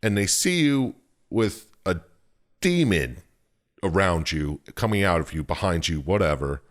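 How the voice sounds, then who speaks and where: A man's voice: low voice, very animated, measured pace. A man co-hosting a podcast, loosely retelling a story in casual chat, swearing freely and laughing often. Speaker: podcast co-host. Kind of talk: casual chat recapping a video game.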